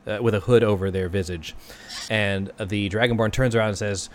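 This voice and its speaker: A man's voice: lowish voice, fairly even intonation, brisk. A man narrating as game master in a tabletop role-playing session, casual and laughing easily. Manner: casual, with fillers and frequent laughs.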